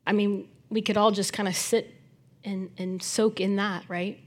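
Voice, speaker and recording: A woman preaching a sermon, animated, moving between loud emphasis and soft near-whispered asides, chatting with the congregation now and then. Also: mid-range voice, moderate pace.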